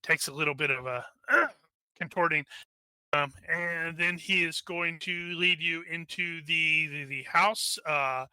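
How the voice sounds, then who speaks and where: A man's voice: fairly high pitch, measured pace, sharp tone, smooth, no room sound. A man running a tabletop game as game master, narrating loosely with many fillers and restarts.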